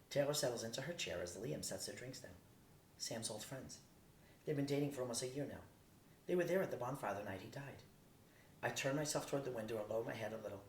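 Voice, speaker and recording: A man reading a novel aloud in a steady, plain way. He sits at some distance from the mic in a roomy space, with a faint rumble behind him. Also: vocal fry. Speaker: audiobook reader.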